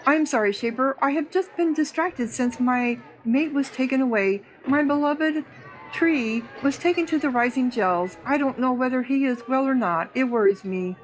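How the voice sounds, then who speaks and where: A woman's voice: high-pitched, moderate pace, faint music behind, natural voice, low-quality recording. A woman doing a timid cat-folk innkeeper. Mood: worried. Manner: timid, apologetic. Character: worried, humble female cat-folk innkeeper.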